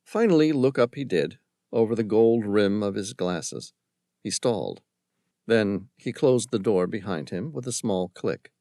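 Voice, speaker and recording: A lower-pitched man narrating a thriller audiobook, measured and dramatic. His delivery is lively in pitch, shaping each sentence with rises and falls. The recording is close and completely dry. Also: dry recording. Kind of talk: scripted narration.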